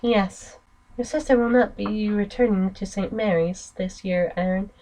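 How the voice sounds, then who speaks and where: A woman's voice: mid-range voice, a little slow, warm tone, slight background noise, close to an everyday voice, poor audio. A woman voicing a stern, cold mother who speaks curtly.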